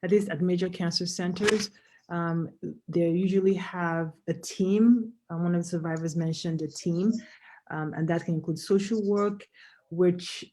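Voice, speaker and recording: A woman doctor answering a question on an online panel in a measured, explanatory way, with frequent fillers and restarts. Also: on the low side, dark tone, rough recording. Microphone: video call.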